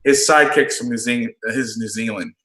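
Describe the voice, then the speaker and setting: Blunt, plain-spoken football coach, roomy sound. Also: male voice, medium pitch, brisk, a bit bright. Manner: blunt, swears freely, explains plays in detail. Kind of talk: casual podcast chat. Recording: roomy echo.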